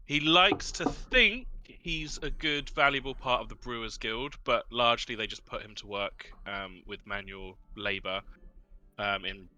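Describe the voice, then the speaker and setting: Bright-voiced man describing his character. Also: mid-range voice, unhurried, slight background noise. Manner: rambling, with frequent ums and restarts. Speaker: player. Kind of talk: casual character description at a tabletop game.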